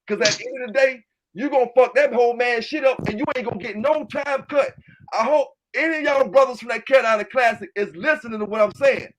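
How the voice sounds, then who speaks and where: A man with a Southern US accent who hosts his own channel about his dog kennel, ranting loudly and with plenty of swearing to his livestream chat. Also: extremely high pitch, quick pace, a little hiss or hum. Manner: loud, fired-up, profane, keeps repeating filler tags. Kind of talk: livestream rant answering chat.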